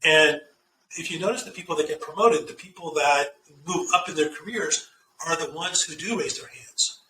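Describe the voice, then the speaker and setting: A middle-aged man talking as an interview guest, telling career stories and giving earnest, animated advice. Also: fairly high pitch, normal speed, recorded from a distance, slight background noise. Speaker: guest executive. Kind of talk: casual interview chat. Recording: echoey room, off-mic, faint ambience.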